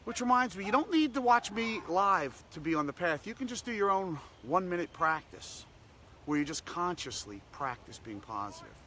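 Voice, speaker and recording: A man's voice: high voice, very animated, moderate pace, sharp tone, a little hiss or hum. A man hosting a daily positivity practice, giving an upbeat, repetitive motivational talk that keeps circling back to short slogans. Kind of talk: motivational self-help talk.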